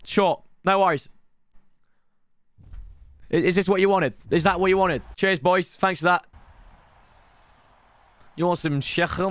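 A young man, streaming a pack opening, slightly hoarse. He talks in an excitable way, swinging between shouting and grumbling. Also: on the high side, dry recording.

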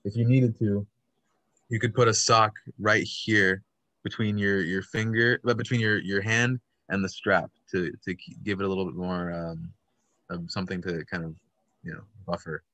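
A man's voice: fairly low pitch, steady tone, moderate pace, a bit bright, no room sound. A man instructing an online puppetry workshop over a video call, patient and encouraging as he explains step by step.

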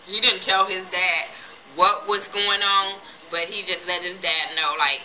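A woman recapping a TV episode in a casual, profane, animated way, acting out the characters' lines as she retells them. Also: on the low side, a little slow, poor audio. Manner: blunt, profane, animated retelling with quoted voices. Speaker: TV episode reviewer.

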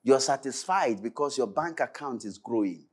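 A male pastor preaching a Bible study sermon with passion, swinging from loud crying out to low, pleading prayer. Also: animated, normal speed, breathy edge.

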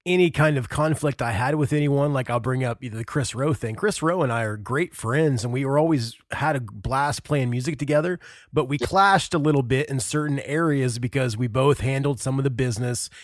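A man in his forties hosting a podcast, chatting in a relaxed, friendly way with his guest. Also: mid-range voice, normal speed, no echo, clean studio sound. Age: 40s. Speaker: podcast host. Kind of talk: casual interview chat.

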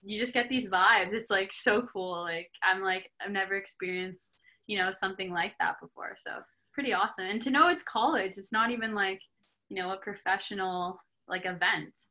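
A woman's voice: mid-range voice, moderate pace, sharp tone. A young woman from Canada, a hockey player and podcast guest, chatting casually with many filler words. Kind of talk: casual interview chat.

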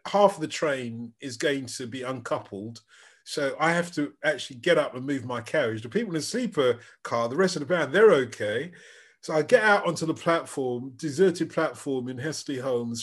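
A man, a podcast co-host chatting casually and telling lively anecdotes. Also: fairly high pitch, husky. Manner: animated anecdotal storyteller, restarts sentences. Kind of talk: casual chat.

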